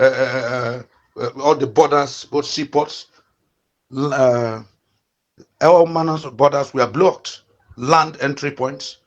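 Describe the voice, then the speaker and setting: The audio is dull, carrying the mid-range voice of a Nigerian man in his fifties from the east of the country. As a channel host, he offers impassioned political commentary in fiery, repetitive rallying cries punctuated by frequent fillers.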